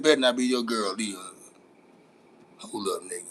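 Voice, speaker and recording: A man's voice: fairly low pitch, moderate pace, a bit bright, a little hiss or hum. A man with a Los Angeles accent hosting a casual live-stream chat, teasing his viewers in brash, profane banter. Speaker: host.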